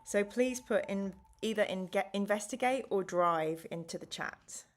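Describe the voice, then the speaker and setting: A woman's voice: medium pitch, a little slow. A woman hosting a live-streamed gamebook play-through, chatting with viewers and reading the choices aloud. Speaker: streamer and host.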